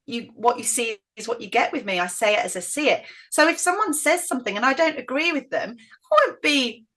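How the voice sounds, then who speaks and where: Outspoken, animated northern English woman. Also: fairly high pitch, fairly quick. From northern England. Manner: outspoken, animated, acts out quoted voices. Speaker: guest. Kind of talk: casual interview storytelling.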